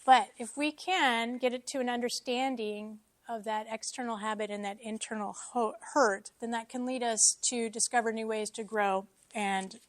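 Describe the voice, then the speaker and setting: A woman speaks to a church congregation in a casual teaching style. She jokes about herself and drops quick asides. Her voice sits fairly high, and the sound is dry and close. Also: no echo. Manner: self-deprecating, joking, lively asides.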